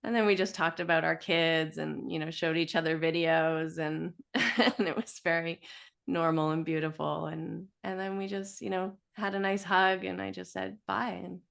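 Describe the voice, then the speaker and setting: Chatty woman with a low, gravelly voice. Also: level tone, moderate pace, fairly bright tone. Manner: chatty, laughs often, many fillers like "you know". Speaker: yoga teacher sharing memories of her teacher. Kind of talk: casual personal storytelling at a memorial gathering. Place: yoga studio, indoors.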